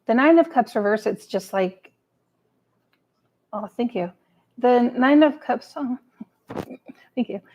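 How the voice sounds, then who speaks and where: A woman's voice: fairly high pitch, lively intonation, takes it slowly, pauses often, a little mellow, poor audio. A woman doing a live tarot reading, chatting casually, muttering to herself and swearing freely as she pulls cards. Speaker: tarot reader. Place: home table with a cat nearby.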